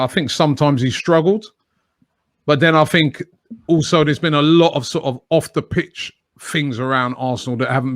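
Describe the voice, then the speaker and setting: Male podcast guest, mid pitch, emphatic and conversational, dry recording. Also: no echo. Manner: chatty, emphatic, frequent "you know". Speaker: guest, fan channel presenter. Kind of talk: podcast interview answers.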